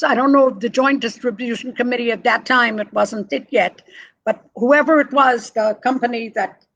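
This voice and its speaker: High-voiced older woman telling a story. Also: a bit bright, poor audio. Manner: emphatic, vivid family storyteller. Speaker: interviewee. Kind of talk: personal storytelling.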